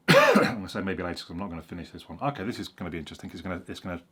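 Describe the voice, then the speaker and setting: A man's voice: low voice, animated, very fast, a bit bright, husky. A man chatting casually about learning a language, rambling and correcting himself with frequent ums. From England. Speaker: vlogger. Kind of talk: casual explanatory chat.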